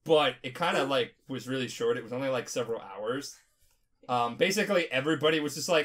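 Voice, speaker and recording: A tipsy man talking casually on a podcast, rambling, profane and animated. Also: medium pitch, fairly quick. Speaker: podcast host.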